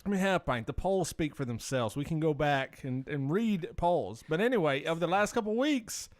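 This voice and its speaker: A man's voice: a little high, animated, moderate pace, no echo. A man co-hosting a podcast, talking in a casual, teasing way with crude jokes. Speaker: podcast co-host. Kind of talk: casual chat.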